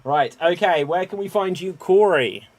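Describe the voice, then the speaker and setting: A man hosting an online improv comedy show, animated and given to loud exclamations. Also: high voice, moderate pace. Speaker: improv game host.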